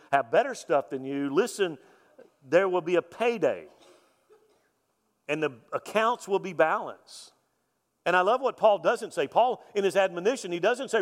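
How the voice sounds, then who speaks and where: A male pastor preaching a sermon in a folksy, joking way, swinging from loud emphasis to soft, quiet lines. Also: a little high. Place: church sanctuary. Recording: long reverb of a church hall.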